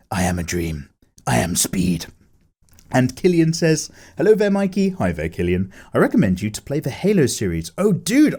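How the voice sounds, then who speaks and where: A man casually chatting with viewers while drawing, animated, with lots of fillers as he reads chat aloud. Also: mid-range voice. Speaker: art streamer chatting with viewers.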